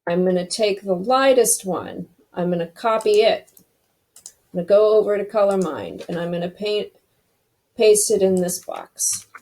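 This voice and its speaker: A woman's voice: medium pitch, animated, normal speed, a little mellow. A woman hosting a casual screen-recorded web design tutorial, chatty and thinking aloud as she clicks through each step.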